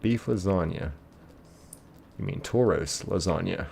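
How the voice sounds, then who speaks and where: A man's voice: on the low side, a little slow, vocal fry, dark tone, slight background noise. A man streaming a game, casually reading chat messages aloud, laid-back and chuckling.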